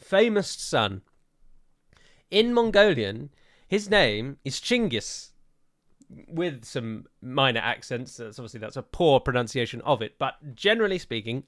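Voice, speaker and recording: A man's voice: medium pitch, fairly bright tone. A man playing a strategy game and commenting as he goes, chatty and thinking aloud with frequent digressions. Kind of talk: let's play commentary.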